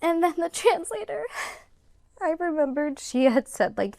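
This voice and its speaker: A woman who is a teacher, speaking softly and haltingly in an emotional interview. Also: sits high, very animated, gravelly, dry recording, clean studio sound. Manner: soft, halting, tearful. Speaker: children's entertainer and teacher.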